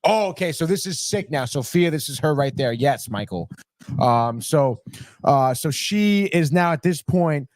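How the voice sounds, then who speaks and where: A man hosting a podcast, giving a rambling, profane, animated recap of a TV episode and dropping into quick impressions. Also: on the high side, no echo, clean studio sound. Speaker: podcast host. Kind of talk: casual recap chat.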